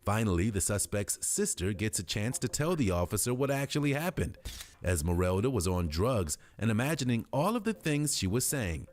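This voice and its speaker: A man giving scripted narration over police bodycam footage, in a flat storytelling tone. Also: on the low side, moderate pace. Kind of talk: scripted true-crime narration.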